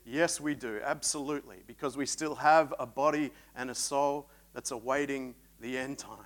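A man preaching a sermon, swinging between loud emphatic peaks and quiet reflective stretches. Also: medium pitch, steady tone, normal speed.

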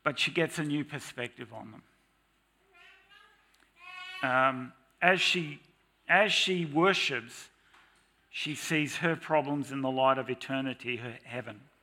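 A middle-aged man preaching a sermon in church, lively and dramatic, at times mock-shouting to make his points. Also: medium pitch, slow pace, pauses often.

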